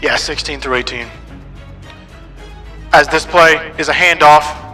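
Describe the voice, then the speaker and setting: A man's voice: a little high, steady tone, a little slow, sharp tone, soft background music. A man streaming live play-by-play commentary, mixing broadcaster-style calls with casual asides to his chat.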